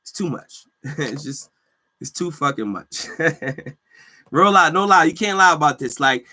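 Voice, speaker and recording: A man hosting a casual solo podcast, telling stories in animated slang and laughing often. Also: on the high side, unhurried. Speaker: podcast host; healthcare worker.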